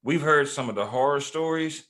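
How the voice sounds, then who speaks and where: A man hosting an interview, relaxed, often restarting his sentences as he asks questions. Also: on the high side, moderate pace. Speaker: host. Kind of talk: conversational interview.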